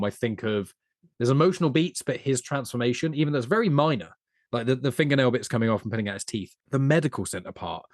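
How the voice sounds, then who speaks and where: A man's voice: medium pitch, no echo. Man, mid-range voice, earnest long-winded film talk, dry sound. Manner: earnest, analytical, rambles on at length. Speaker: podcast co-host. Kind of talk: casual film discussion.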